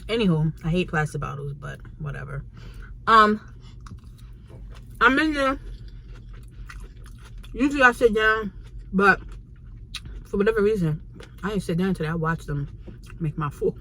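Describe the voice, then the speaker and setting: A woman's voice: fairly low pitch, animated, unhurried, creaky, long pauses, bright, forceful tone. A woman from New York with a New York accent, telling a story in a casual, slangy and blunt way for her vlog from a restaurant. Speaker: vlogger. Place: Chinese restaurant, indoors.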